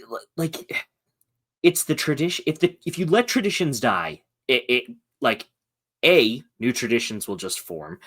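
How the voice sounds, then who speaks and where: A man's voice: mid-range voice, fairly bright tone. A man co-hosting a sports podcast, rambling and hesitant, with many restarts. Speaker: podcast co-host. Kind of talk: casual sports podcast chat.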